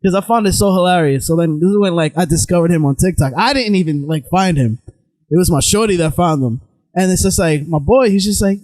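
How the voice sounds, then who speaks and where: A man co-hosting a casual podcast, telling stories in an excitable way and laughing often. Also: high-pitched, fairly quick, no echo. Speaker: podcast co-host. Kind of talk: casual chat.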